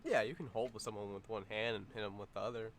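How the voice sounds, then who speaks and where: A man running a tabletop game as game master, playful and quick with rulings, laughing often. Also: lowish voice, fairly even intonation. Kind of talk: narrating a tabletop game live.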